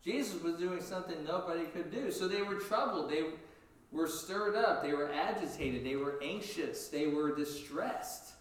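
A man preaching a sermon in a lively, animated way, jumping up in pitch as he acts out what people said. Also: normal speed. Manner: animated, acts out quotes with sudden high pitch jumps. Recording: echoey room, distant from mic.

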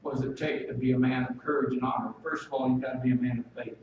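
A man's voice: mid-range voice, steady tone, quick pace, background noise. A male pastor preaching a sermon in an emphatic, folksy manner, heard from a distance in a church. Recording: echoey, dull, distant room recording.

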